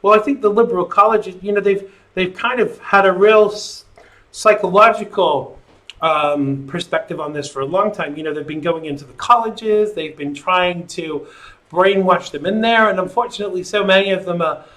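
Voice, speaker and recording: A man's voice: sits high, normal speed, a bit bright. A man hosting a live call-in talk show, rambling casually and reading viewer comments aloud.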